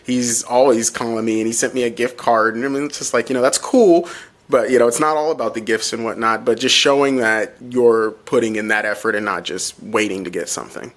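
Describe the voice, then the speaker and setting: A man's voice: medium pitch, brisk, fairly bright tone. Earnest man telling stories as a guest. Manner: earnest storyteller, frequent restarts and "you know". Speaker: home care agency owner, guest. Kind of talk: casual interview.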